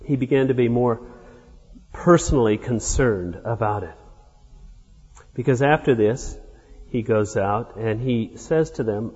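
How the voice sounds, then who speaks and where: Husky man preaching in an echoing hall. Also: medium pitch, darkish tone. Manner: unhurried, explains verse by verse with hesitations. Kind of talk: expository sermon. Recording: dull lo-fi sound in a reverberant hall.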